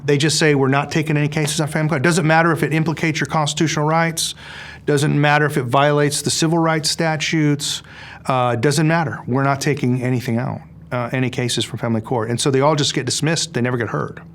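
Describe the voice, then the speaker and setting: A man's voice: fairly high pitch, fairly even intonation, fairly quick, a bit bright. A middle-aged man being interviewed, speaking earnestly and emphatically with frequent restarts. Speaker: interview guest.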